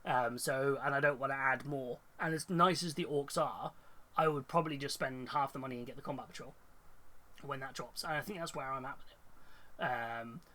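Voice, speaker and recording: A man's voice: medium pitch, moderate pace, pushed and bright. A man with a cold, talking casually and rambling on a live hobby stream, full of fillers and restarts. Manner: rambling, thinks aloud with many fillers and restarts, reads chat. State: congested with a cold.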